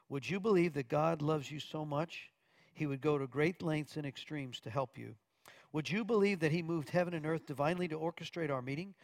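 A man's voice: a little high, fairly quick, gravelly, no echo. A man preaching from Arkansas, earnestly telling a testimony story with quoted dialogue and occasional stumbles.

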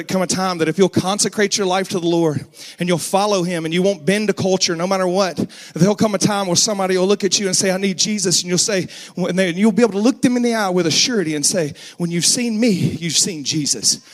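A man in his thirties preaches a sermon, earnestly telling a family story and rising into emphatic bursts. His high-pitched voice is steady in tone and fast.

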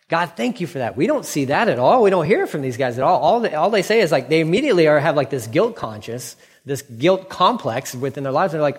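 A man's voice: fairly high pitch, expressive, brisk, breathy edge, in a large hall. A man preaching a casual sermon, reading scripture and acting out the characters with playful mock voices.

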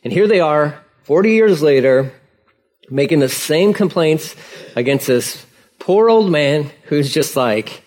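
A male pastor preaching a sermon in a casual, conversational way, acting out dialogue with lively emphasis. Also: fairly high pitch, a little slow.

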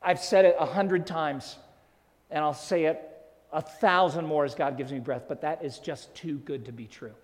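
Male pastor, sermon, slightly high voice, loud-to-hushed swings, long hall reverb. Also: normal speed. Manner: swells loud on key phrases, drops to hushed tones.

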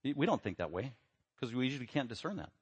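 A man preaching a sermon, emphatic, building to loud rhetorical questions. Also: mid-range voice, very animated, quick pace, slightly rough, highs cut off. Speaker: pastor.

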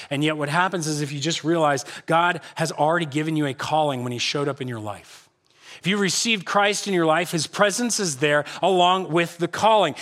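A male pastor preaching a lively sermon to a church congregation, acting out quotes with animated shifts in voice. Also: on the high side. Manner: animated, acts out God's voice and quotes.

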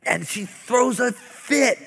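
A man in his thirties preaching a sermon as pastor, conversational and animated, telling family stories with asides. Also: extremely high pitch, slow pace, gravelly, husky. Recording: long reverb of a large hall.

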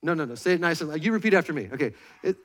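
Male pastor, a little high-pitched, preaching from a church stage; lively and playful, with jokes and stage directions. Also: rapid-fire. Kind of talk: sermon with on-stage demonstration. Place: church stage before a congregation.

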